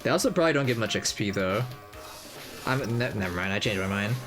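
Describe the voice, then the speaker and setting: A young man chatting casually as he plays a video game, thinking aloud in a relaxed, slangy way. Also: lowish voice, fast talker, over music. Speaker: gamer playing through a game.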